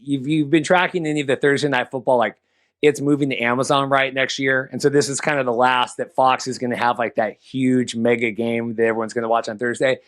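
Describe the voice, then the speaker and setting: A man hosting a podcast, chatting casually, excitable and rambling with lots of restarts. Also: medium pitch, brisk. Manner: excitable, rambling, repeats himself. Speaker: podcast host.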